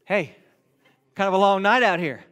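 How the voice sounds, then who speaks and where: A man voicing a pair of sly, playful pet dogs that dodge their owner, in a teasing, drawn-out way. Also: sits high, a bit bright, clean tone, in a large hall.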